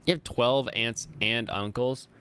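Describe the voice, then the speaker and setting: A man in the middle of his pitch range, chatting casually as a livestream host. He rambles along and replies to his viewers' comments. He laughs often and sometimes jumps up high with excitement. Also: a little slow, a little hiss or hum. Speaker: streamer host reading chat.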